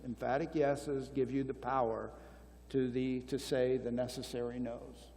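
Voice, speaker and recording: At a marriage conference, an older male speaker fields questions, his voice echoing with the long reverb of a church hall. He has a medium pitch, a level and warm tone, and a measured pace. Earnest and exhortative, he keeps repeating key phrases.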